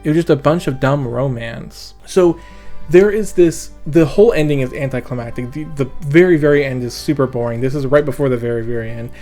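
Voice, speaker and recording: A man's voice: mid-range voice, brisk. A young man giving a casual rant review of a book, sarcastic and exasperated, swearing and laughing at his own jokes, tired late at night. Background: soft background guitar music.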